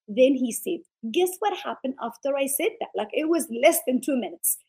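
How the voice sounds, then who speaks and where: A woman's voice: high-pitched, lively intonation, moderate pace, darkish tone, breathy edge, low-quality recording. A woman who founded a ministry, a guest telling a healing testimony in an interview with passionate, preacher-like delivery. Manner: passionate, preacher-like, acts out quotes.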